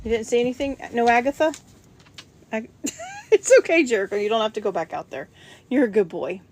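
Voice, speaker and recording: A woman's voice: on the high side, lively intonation, fairly quick, a little hiss or hum. A middle-aged woman hosting a casual livestream, chatting to viewers and cooing at her dog, laughing often. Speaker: livestream host.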